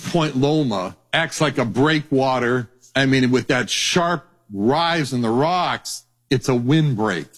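A male Bible teacher preaching a sermon in a conversational, animated storytelling way, acting out voices. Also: mid-range voice.

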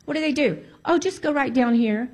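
A woman's voice: high-pitched, fairly quick, a little mellow. Emphatic woman giving church testimony. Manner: emphatic, repeats phrases for stress. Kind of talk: testimony to a congregation.

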